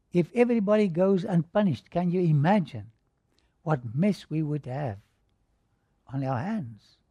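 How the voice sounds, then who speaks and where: A man's voice: fairly high pitch, mellow, breathy edge, no room sound. A man preaching a sermon, posing rhetorical questions and telling a dramatic story to his listeners. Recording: dull lo-fi recording.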